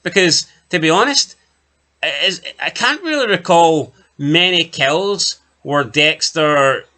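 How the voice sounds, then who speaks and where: Bright-voiced chatty man. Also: a little high, animated, slow. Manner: chatty, joking, summarizes plot with asides. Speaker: TV review podcast co-host. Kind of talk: casual chat recapping an episode.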